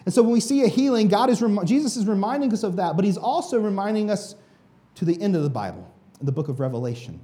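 A man's voice: high-pitched, sing-song, fast talker, mellow. A man preaching a sermon with emphatic delivery, speaking directly to the congregation and leading them along. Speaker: pastor.

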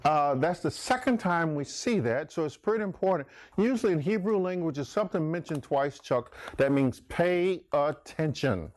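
Animated preaching man, emphatic. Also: on the high side, fairly quick, few pauses, dry recording. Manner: emphatic, addresses listeners by name. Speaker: pastor. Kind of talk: sermon.

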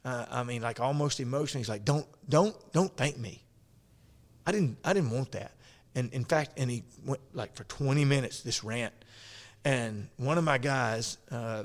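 A man's voice: medium pitch, big-room sound. A man telling a story in casual conversation, rambling and restarting as he goes.

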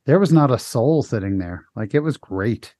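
A man's voice: mid-range voice, animated, normal speed, warm tone, no echo. A man hosting a podcast discussion, upbeat, calling on each panelist in turn. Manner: upbeat, steers the discussion, calls on guests. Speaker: podcast host. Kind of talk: casual chat.

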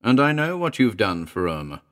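A smooth, condescending middle-aged gentleman, voiced by a man in an audiobook drama. The voice is very deep yet swings up and down a lot, and he talks in an unctuous, soothing way. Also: sing-song, moderate pace.

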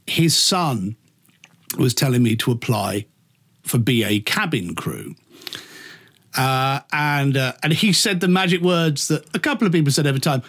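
A middle-aged man with a Liverpool accent, a radio presenter being interviewed, camp and flamboyant, swearing freely as he tells stories. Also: fairly high pitch. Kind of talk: anecdotal interview chat.

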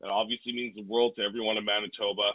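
A male co-host steers the conversation to the next topic in a steady, informed way. He speaks briskly with a mid-range pitch. His voice is dry and comes through a thin, phone-like line. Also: no echo. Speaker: podcast co-host. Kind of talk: casual sports talk.

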